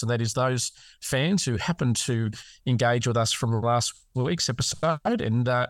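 A man's voice: mid-range voice, no echo. Jokey Australian man, dry close sound. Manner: chatty, jokey, laughs often. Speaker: podcast co-host. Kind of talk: casual chat.

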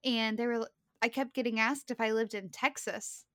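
A woman from West Virginia with a Midwestern accent, co-hosting a Bible study podcast in casual, animated chat over a video call. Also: a little high, normal speed. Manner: chatty, animated storyteller.

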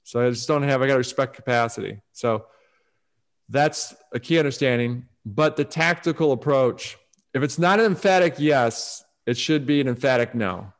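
A man talking through practical advice on focus and saying no. He is animated and slips into quick impressions of the people he quotes. His voice sits at an ordinary middle pitch. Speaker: guest speaker on focus and success. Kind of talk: conversational advice talk.

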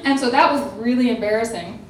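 A young adult woman telling a personal story in casual chat, animated and dramatic, acting out quotes with laughing asides. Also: fairly high pitch, fast talker, far from the mic. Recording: echoey room, voice off-mic.

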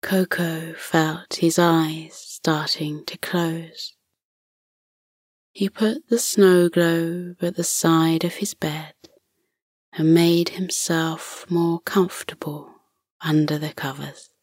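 A woman narrating a bedtime story for children in a soft, hushed voice that often drops to a whisper. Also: low-pitched, fairly even intonation, takes it slowly, breathy edge, no echo, studio quality.

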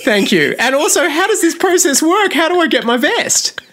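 A man co-hosting a podcast, chatting in a self-deprecating, laughing, lively way. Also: extremely high pitch, moderate pace, slight background noise. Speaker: podcast co-host. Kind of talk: casual podcast chat.

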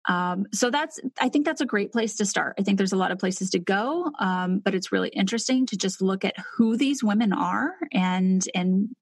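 A woman's voice: medium pitch, moderate pace, few pauses, dry recording. A woman co-hosting a podcast who explains casually, thinks aloud, and uses many fillers and restarts. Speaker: podcast co-host.

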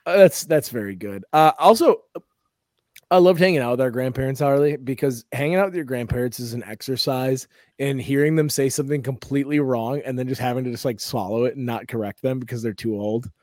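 A man co-hosting a comedy podcast, telling stories in a casual, animated way and acting out the voices of people he quotes. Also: medium pitch, brisk, no echo, clean studio sound. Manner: animated storytelling, acts out quotes. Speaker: podcast co-host.

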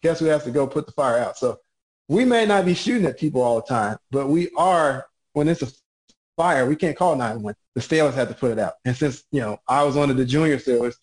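A man's voice: medium pitch, fairly quick. Laid-back male veteran storyteller. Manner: laughing, animated impressions of shipmates. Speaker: Navy veteran guest. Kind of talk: casual storytelling.

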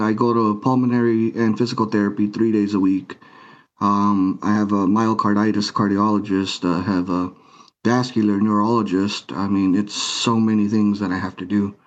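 A man, a guest on a talk show, telling his personal story in an emotional way, acting out the dialogue as he goes. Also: fairly low pitch. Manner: retells scenes by acting out quoted dialogue. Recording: muffled lo-fi recording.

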